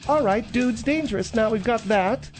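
A man's voice: very high voice, normal speed, soft background music, voice pushed up. A man voicing a fussy, pedantic middle-aged male sidekick.

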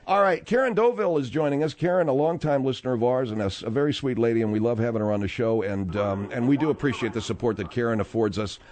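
A man's voice: medium pitch, quick pace, few pauses, a little mellow. A man hosting a talk radio show, speaking in a blunt, conversational way.

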